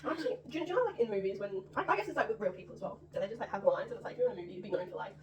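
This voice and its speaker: A woman's voice: on the high side, sing-song, very fast, roomy sound. A young woman with an Australian accent hosting a casual chat vlog, rambling and full of "like". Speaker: vlog host. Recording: mic far off, noisy background.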